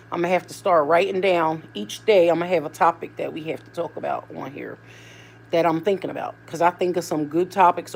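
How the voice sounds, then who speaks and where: A woman's voice: low voice, a little hiss or hum. A woman vlogger and mother talking casually to her viewers, rambling from one thought to the next. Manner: rambling, conversational, animated asides. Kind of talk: casual chat to camera.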